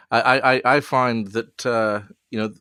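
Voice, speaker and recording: A man's voice: mid-range voice, fairly even intonation, pushed and bright, clear, resonant tone, no room sound. A man with an Australian accent, a tech journalist guesting on a podcast, who stumbles and repeats words while making dry jokes. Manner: halting, repeats words often, dry humor. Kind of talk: casual podcast chat.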